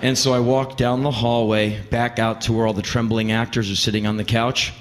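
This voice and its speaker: A man performing spoken word, telling a comic story in an intense, profane, animated way. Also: mid-range voice, brisk. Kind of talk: live comedic storytelling. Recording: reverberant hall with faint ambience.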